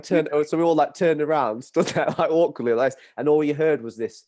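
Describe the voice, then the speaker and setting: A man in his thirties with an English accent, hosting a podcast and telling an animated school story with laughter. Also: fairly high pitch, brisk. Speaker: podcast host. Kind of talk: casual chat, storytelling.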